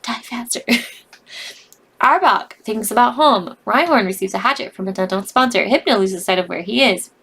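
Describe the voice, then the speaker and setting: A woman's voice: mid-range voice, lively intonation, a little fast, gravelly, few pauses, fairly bright tone, slightly rough. A young woman reading out a game's results and reacting to them with cries and laughter in casual commentary. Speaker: gaming video host.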